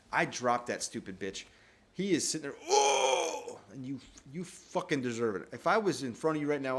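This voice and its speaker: A man telling a personal story on his podcast in a profane, animated, laughing way. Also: mid-range voice. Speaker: podcast host.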